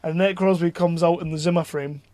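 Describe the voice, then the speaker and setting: Man, excitable, sweary, slightly high voice, dry close sound. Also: quick pace, no echo. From North East England. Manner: excitable, swears freely, laughs while talking. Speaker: podcast co-host. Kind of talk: casual film chat.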